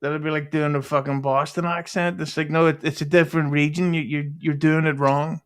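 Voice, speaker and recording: A man from Ireland chatting casually on a live stream, crude and quick-witted. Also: a little high, level tone, clean tone. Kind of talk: casual chat.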